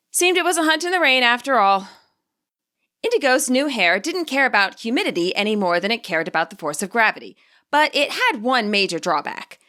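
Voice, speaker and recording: Expressive woman narrating a story. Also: medium pitch. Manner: expressive, animated reading. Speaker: narrator and channel host.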